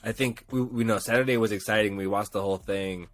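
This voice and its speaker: A man co-hosting a casual gaming podcast, telling stories and acting out quotes in raised, excited voices. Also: lowish voice, fast talker, dry recording. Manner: animated storyteller, acts out quotes in raised voices. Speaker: podcast co-host. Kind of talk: casual chat.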